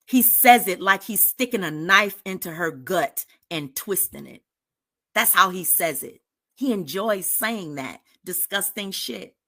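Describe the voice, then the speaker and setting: A woman's voice: medium pitch, bright, forceful tone. A woman giving indignant live commentary, repeating herself for emphasis and lecturing her viewers. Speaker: commentary streamer.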